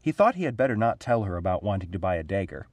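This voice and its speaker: A man reads a storybook aloud in a fairly low voice. His delivery is clear and even. The recording is dry and close. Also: fast, dry recording. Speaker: narrator.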